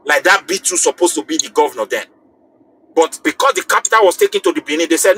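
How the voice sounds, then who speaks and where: Fast and lively in intonation, a slightly high, somewhat bright male voice comes through a rough recording with a bit of background noise. The caller, a Nigerian man on a live program, delivers heated political commentary. He's emphatic, often repeating and restarting lines as his argument builds.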